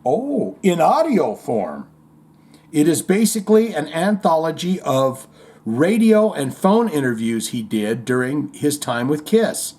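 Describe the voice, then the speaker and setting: A man's voice: a little high, a little slow. A man hosting a casual comedy podcast, reading listener comments and jokes aloud with playful asides. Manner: animated, jokey, puts on voices when reading comments.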